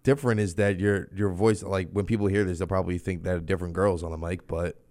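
A man's voice: low voice, flat delivery, fast, darkish tone, no echo. A man co-hosting a podcast, chiming in with brief supportive replies in casual chat. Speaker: podcast co-host.

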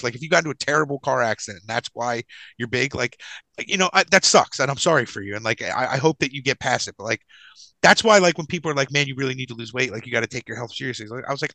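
Fast-talking bright-voiced man telling a story. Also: medium pitch, creaky, no room sound. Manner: animated, swears freely, acts out people in his stories. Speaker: podcast co-host. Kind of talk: casual storytelling chat.

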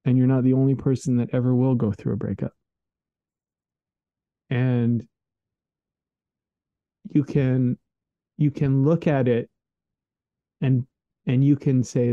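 A man's voice: medium pitch, little pitch movement, slow pace, pauses often, warm tone, no room sound. A man hosting a podcast, rambling earnestly in casual reflective chat, leaning on "like" and "man". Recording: dull lo-fi dry recording.

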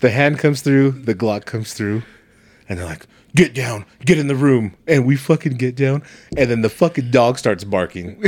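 Speaking at a normal speed in a mid-range voice, a man swaps crude stories in a relaxed podcast conversation. He's lively and laughs a lot as he goes.

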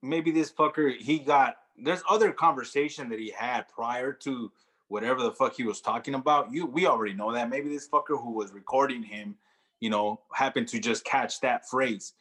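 A man's voice: medium pitch, normal speed, fairly bright tone. A man co-hosting a radio talk show, blunt and swearing freely as he rambles through his opinions. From Mexican-American. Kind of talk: casual podcast chat. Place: radio studio.

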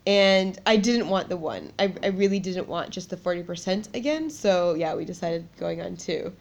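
A woman in her thirties co-hosting a podcast, telling a personal story in a lively way and laughing often. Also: fairly low pitch, normal speed, gravelly, lo-fi sound. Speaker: podcast co-host. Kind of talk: casual chat.

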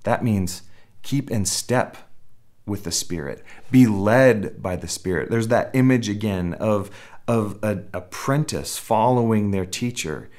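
A man with a fairly low voice delivers a sermon in a relaxed, conversational style. He restarts phrases as he goes and slips into short acted quotes to make his points. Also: unhurried. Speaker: pastor.

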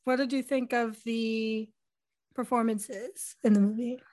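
Woman podcast host, friendly and brisk; fairly high voice, dry close sound. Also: steady tone, a little mellow, dry recording. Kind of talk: casual chat.

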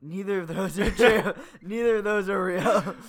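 A man's voice: high voice, normal speed. A man playing a guessing game with a friend, reacting playfully, laughing and swearing. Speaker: contestant. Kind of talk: casual chat.

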